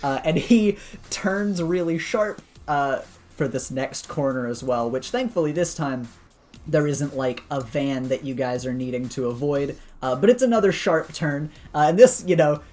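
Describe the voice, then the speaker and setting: A man narrating a tabletop game as game master in a relaxed way, with many "uh" fillers. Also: fairly high pitch, normal speed. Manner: relaxed, lots of "uh" fillers, chuckles.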